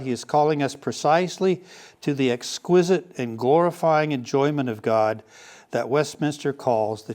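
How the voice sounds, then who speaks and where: An older man teaching a Bible class in a relaxed lecture style, pausing often with fillers and restarts. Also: medium pitch. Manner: hesitant, many fillers and restarts. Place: room with a live class.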